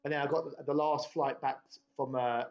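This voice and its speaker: A man's voice: fairly high pitch, fairly even intonation, fairly quick. A young man, telling a rambling, sweary story in laddish podcast chat. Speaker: podcast host. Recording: dull lo-fi podcast audio.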